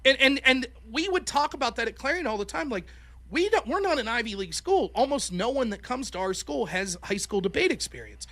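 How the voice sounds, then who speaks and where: A man's voice: very high-pitched, animated, fairly quick, sharp tone. A man in casual podcast chat, talking animatedly, swearing constantly and acting out what other people said. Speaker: podcast guest, former college debater.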